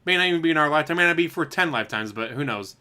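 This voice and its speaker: A man's voice: a little high, lively intonation, rapid-fire, bright, forceful tone, smooth. Man musing casually on a stream. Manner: speculative, musing, chuckling asides. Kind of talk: casual rambling chat.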